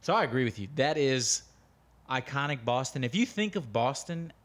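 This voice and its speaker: A man's voice: medium pitch, expressive, normal speed. An American man co-hosting a podcast, blunt and opinionated, swearing freely in casual chat. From United States. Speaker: podcast co-host.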